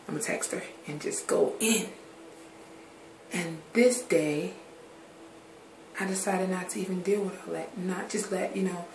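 A grown woman with a fairly low voice, talking frankly to her viewers in a personal vlog. She rambles from topic to topic and drops curse words casually. The room gives the recording a roomy echo, with faint noise underneath. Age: adult. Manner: rambling, drifts from subject to subject. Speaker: vlogger. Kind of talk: candid personal vlog talk.

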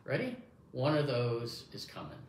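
A man walks a listener through a hearing test in an encouraging way, as if talking to a young child, and his pitch rises and falls a lot as he talks. He was recorded in an echoey room with a faint hiss behind him. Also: wildly swooping pitch, normal speed. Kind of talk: demonstrating a test to an examinee.

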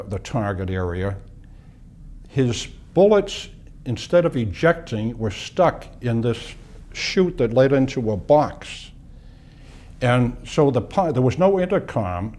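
A man in his eighties from Boston recounts his memories for an oral history interview. His voice is mellow and soft, and he tells his stories unhurriedly, pausing and restarting as he recalls details. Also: medium pitch. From Boston, USA. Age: 80s. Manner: unhurried reminiscing with pauses and restarts. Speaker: interviewee, war veteran.

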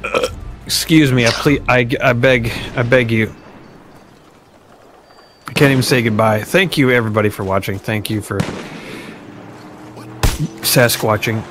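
A man's voice: medium pitch, measured pace, long pauses, a bit bright, a little hiss or hum. A man hosting a live gaming stream, joking around and tripping over his words after a few shots. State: tipsy from shots. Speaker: streamer and show host. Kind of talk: casual live-stream chat.

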